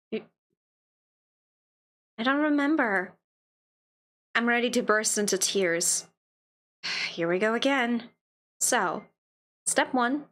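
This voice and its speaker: A woman's voice: a little high, a bit bright. A woman streaming a game, reading its dialogue aloud and reacting playfully between lines. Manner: playful, reads text then comments with laughs.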